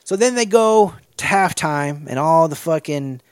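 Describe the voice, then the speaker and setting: A man in casual chat recapping a movie, animated and profane, acting out quotes. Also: a little high, measured pace, smooth, dry recording, studio quality. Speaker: podcast co-host.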